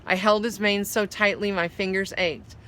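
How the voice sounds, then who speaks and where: A woman's voice: medium pitch, fairly even intonation, moderate pace, a bit bright. A woman reading a story aloud, now and then explaining a word. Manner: explains hard words while reading. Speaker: story reader.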